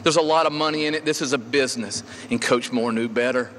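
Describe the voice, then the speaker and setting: A man's voice: mid-range voice, fast, fairly bright tone, slight background noise. A middle-aged man, a golf coach giving a rambling, story-filled memorial tribute with many fillers and restarts. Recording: reverberant hall with faint ambience.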